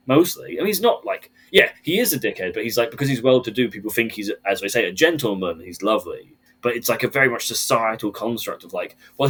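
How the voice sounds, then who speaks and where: A man with a fairly low voice chats on a podcast in an animated, swear-heavy rant. He keeps his talk loose and casual, full of fillers, and drives each point hard. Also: slightly rough. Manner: animated, profane ranting.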